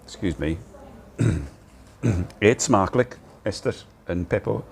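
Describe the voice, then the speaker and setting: An older man broadcasts a casual livestream from a cozy cafe, rambling between bites, using a phone on a handheld gimbal. His voice is fairly low, creaky, and darkish, and he speaks slowly. There's slight background noise.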